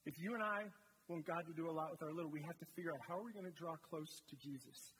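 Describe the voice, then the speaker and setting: A male guest preacher speaks to his congregation in a relaxed, storytelling manner, with asides to the people in the pews. His voice sits high for a man. The room rings with a long hall reverb, and a faint noise sits underneath. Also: quick pace. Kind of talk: sermon. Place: church sanctuary.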